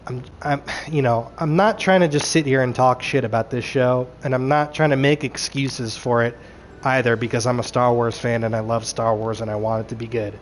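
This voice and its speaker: A man's voice: mid-range voice, slight background noise. Fired-up man ranting a show recap. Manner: animated, frustrated, swears freely; acts out characters' lines in quick voices.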